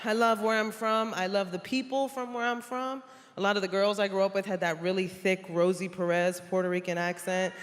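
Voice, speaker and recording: A woman from New York's South Bronx doing an animated stand-up set, teasing playfully with loud bursts, on a theater stage before a live audience. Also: mid-range voice, fairly quick. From South Bronx, New York. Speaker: stand-up comedian. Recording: reverberant hall with loud crowd noise.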